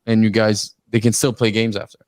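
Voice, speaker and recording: A man from France with a slight French accent, co-hosting a casual podcast chat and talking in halting, restarting phrases. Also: fairly low pitch, level tone, darkish tone, no echo. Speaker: podcast co-host.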